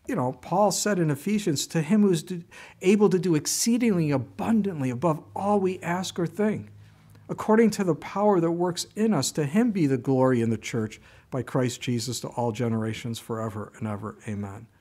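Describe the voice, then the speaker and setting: A pastor delivers a sermon, telling stories with animated energy and tossing rhetorical questions at the congregation. His voice sits fairly high and moves at a normal pace.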